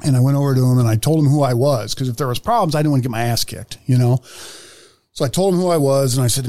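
A man co-hosting a podcast, telling old police stories in a casual, animated way, swearing and laughing often. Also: medium pitch, fast, dry recording, studio quality. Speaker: podcast co-host, former police officer. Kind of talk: casual storytelling chat.

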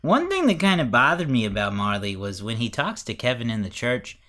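A man in a casual movie discussion, speaking at a middle pitch with a lively, rising and falling delivery. He hedges and trails off often, using filler words while he disagrees. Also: a little fast. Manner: hesitant, pushes back with lots of fillers.

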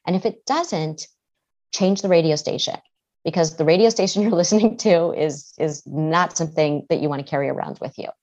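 A woman's voice: deep voice, fairly quick, darkish tone, dull audio. A middle-aged woman, a therapist and author, speaking earnestly as a guest in a podcast interview. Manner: earnest, acts out quoted voices.

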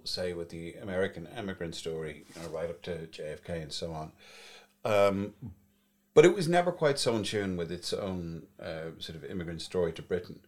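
A male interviewer with a very deep voice asks long, thoughtful questions. He pauses often and fills the gaps with hesitant sounds. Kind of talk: conversational interview.

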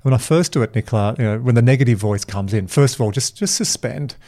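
A man hosting a podcast in an upbeat, emphatic way. His voice sits at a middling pitch, and he tells animated stories with punchy stresses. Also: fast. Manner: energetic, emphatic, animated storytelling. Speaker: podcast host. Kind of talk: casual podcast chat.

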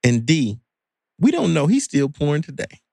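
A man's voice: a little high, huge pitch swings, moderate pace, gravelly, noisy background. A man co-hosting a podcast, asking quiz questions in a playful game-show-host manner. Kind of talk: casual chat.

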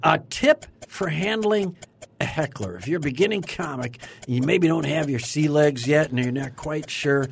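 A man's voice: a little high, animated, moderate pace, gravelly, husky. A man hosting a casual comedy podcast, asking questions and teasing his guest. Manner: joking, teasing, asks questions. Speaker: podcast host.

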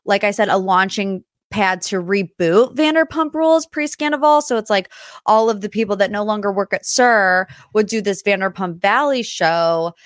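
A young woman talks straight into a close, dry mic as she hosts her own pop-culture podcast. She rambles in chatty tangents with lively asides, in an easy mid-range voice. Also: mid-range voice, moderate pace, dry recording. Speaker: podcast host. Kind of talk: casual solo pop-culture chat.

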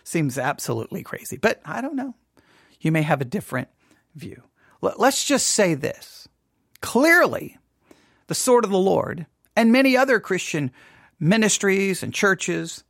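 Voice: mid-range voice, sing-song, unhurried, vocal fry, a bit bright, dry recording, clean studio sound. A podcast host talking casually, rambling, repeating words and asking listeners rhetorical questions.

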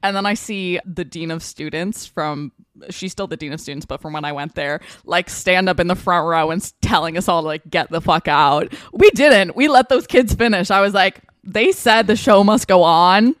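A young woman in her twenties chats on a podcast in a slightly low voice. She tells stories loosely and swears casually. The sound is close and dry, with no room around it. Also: normal speed, fairly bright tone, no echo. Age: 20s. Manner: chatty storyteller, swears casually. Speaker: podcast co-host. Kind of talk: casual chat.

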